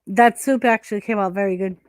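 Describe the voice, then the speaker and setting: A woman's voice: mid-range voice, fairly even intonation, fast talker, dry recording. A woman hosting a casual livestream chat, crude and teasing, laughing often. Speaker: livestream host.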